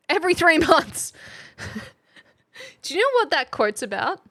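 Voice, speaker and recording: An Australian woman walks her stream viewers through a casual history lesson. Her voice sits a little high, and she talks at a slow, easy pace. She is chatty and playful and laughs often. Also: bright, forceful tone.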